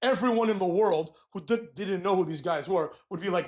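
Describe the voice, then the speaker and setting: A man's voice: sits high, expressive, fast, hardly any pauses. A man giving a profane, mocking rant recapping a wrestling show, ripping into wrestlers. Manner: crude, mocking, ranting, mimics wrestlers in whiny voices. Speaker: wrestling commentator.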